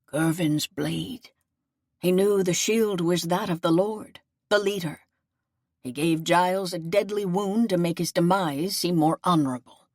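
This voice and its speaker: Woman voicing an old wounded seneschal, low, solemn and fatherly, for an audiobook, dry recording. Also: a little slow, darkish tone, no room sound. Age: older. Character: aging wounded male seneschal, gentle and loyal.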